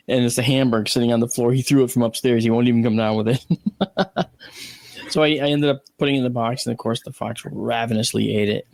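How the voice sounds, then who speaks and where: A man, a guest in an interview, telling lively anecdotes in a casual way, often restarting and repeating words as he acts out the voices in his stories. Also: mid-range voice, fast talker, creaky, no echo. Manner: animated anecdotes, acting out his own and others' lines. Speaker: guest, astronomer and video analyst.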